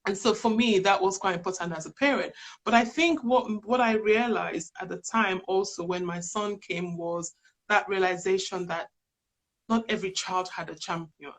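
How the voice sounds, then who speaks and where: A woman's voice: mid-range voice, moderate pace. Woman in her fifties, digressive storyteller. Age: 50s. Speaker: interview guest, charity chief executive. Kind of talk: conversational interview.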